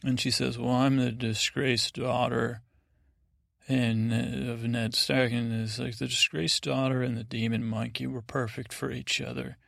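A man's voice: mid-range voice, level tone, measured pace, gravelly, a bit bright, no room sound, studio quality. A man hosting a sleep podcast, rambling through a loose retelling of TV scenes with quoted lines. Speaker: podcast host.

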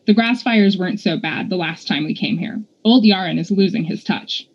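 A woman reading a storybook voices a blunt, gossipy woman wagon trader with a brisk, scolding manner. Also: lowish voice, darkish tone, highs cut off, lightly acted. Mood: gossiping.

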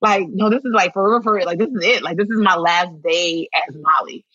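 Woman in her 30s chatting, jumps up high when she quotes folks, dry and kinda dull sound. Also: fairly quick, dry recording. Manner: animated storytelling, acts out quotes, laughs often. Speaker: actress guest. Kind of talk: casual interview chat.

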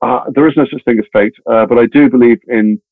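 A middle-aged actor telling anecdotes as a guest, chatty, with many restarts and wry asides. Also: male voice, mid-range voice, quick pace, no echo. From England. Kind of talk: anecdotal interview storytelling. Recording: tinny phone-like dry sound.

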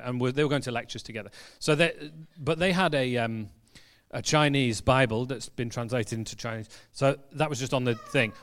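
A man, a church pastor, preaching a sermon in a relaxed, conversational storytelling manner, with fillers and restarts, in a church hall. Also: medium pitch.

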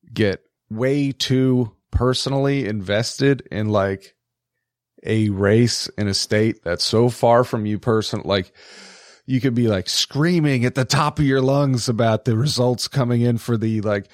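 A man's voice: medium pitch, measured pace, no room sound, studio quality. Profane, laughing podcast guy. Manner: profane, animated, laughs often. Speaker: podcast co-host. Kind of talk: casual political chat.

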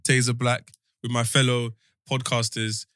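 A man's voice: medium pitch, level tone, a little slow, fairly bright tone, no room sound, studio quality. A man, a podcast guest, playful and flustered in casual chat.

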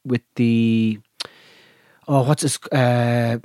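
A man's voice: mid-range voice, fairly even intonation, extremely slow, warm tone, no echo, clean studio sound. A man in casual podcast chat, swearing freely and telling stories with many restarts. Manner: swearing, restless storyteller with restarts.

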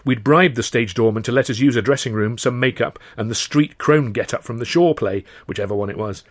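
A man's voice: medium pitch, fairly quick. A man reading his own first-person novel aloud as narrator, in a dry, wry storytelling manner. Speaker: author and narrator.

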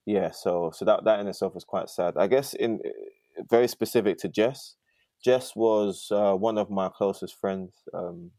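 A man, talking as a podcast guest over a laptop video call, halting with many restarts and fillers. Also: on the low side, mellow, dry recording, studio quality. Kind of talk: casual conversational interview.

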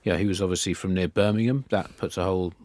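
A man guesting on a comedy news podcast, telling absurd made-up stories in a deadpan, rambling way. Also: low-pitched, fast talker, no room sound. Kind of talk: deadpan satirical comedy chat.

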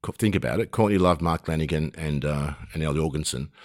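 A man hosting a casual interview, excitable and laughing loudly, now and then swearing. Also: very deep voice, a little fast, no echo, clean studio sound. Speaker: podcast host, interviewer.

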